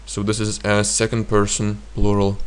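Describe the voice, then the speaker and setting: A man with a Lithuanian accent teaching grammar in a slow, halting way with frequent fillers. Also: on the low side, monotone, clean tone. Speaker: language teacher.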